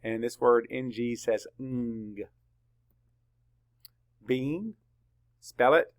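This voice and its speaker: A man's voice: mid-range voice, fairly bright tone. A male teacher leading a spelling lesson for young children, spelling words out letter by letter and answering his own questions. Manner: slow, deliberate, letter-by-letter dictation; asks questions and answers them himself.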